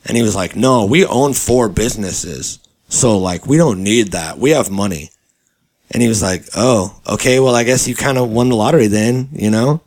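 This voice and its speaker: A man's voice: fairly low pitch, normal speed, darkish tone. A young man hosting a casual chat show, telling an anecdote in a laid-back way and mimicking the people in it. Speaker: podcast host.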